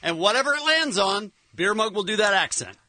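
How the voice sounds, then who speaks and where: A man's voice: sits high, lively intonation, a little fast, sharp tone, no echo. A man hosting a radio bit, playful, spinning a wheel and calling out results. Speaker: radio host.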